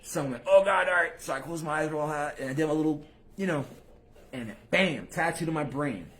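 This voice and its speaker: Animated man muttering then bursting out loud. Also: on the high side, brisk. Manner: street slang, swears freely. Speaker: channel host. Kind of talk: casual monologue to viewers.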